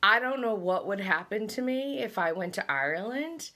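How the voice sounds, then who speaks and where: A woman's voice: mid-range voice, expressive, normal speed, hardly any pauses, bright, forceful tone. A middle-aged woman hosting a casual vlog, reading out facts and musing aloud about them. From born and raised on an island. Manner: muses aloud, reads facts then reacts with laughs. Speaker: vlog host.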